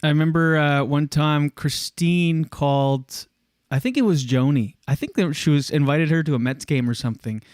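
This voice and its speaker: A man's voice: on the high side, normal speed, darkish tone, no room sound, studio quality. A man hosting a chat show, joking and telling stories. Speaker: host. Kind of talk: casual podcast chat.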